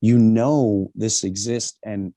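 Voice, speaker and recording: A middle-aged man telling a personal story in a candid monologue, animated and emphatic, acting out the voices of people he quotes. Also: lowish voice, slow, dry recording, clean studio sound.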